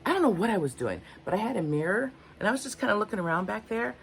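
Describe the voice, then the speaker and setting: A woman's voice: mid-range voice, expressive, fast talker, gravelly, slight background noise. An older woman vlogging unscripted, candid and rambling, often searching for her words. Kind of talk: unscripted personal talk to camera.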